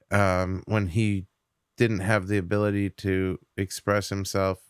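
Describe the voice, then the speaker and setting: Low, smooth-voiced man musing on a podcast. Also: dry recording, studio quality. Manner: reflective, rambling with fillers. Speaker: podcast guest, stand-up comic. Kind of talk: casual podcast discussion.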